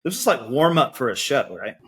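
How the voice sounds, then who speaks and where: A man's voice: mid-range voice, a little fast, husky. A man in his forties from Georgia, guest on a podcast, telling stories and acting out what others said. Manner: lively anecdotes with acted quotes. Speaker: podcast guest, band educator. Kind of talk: storytelling interview chat.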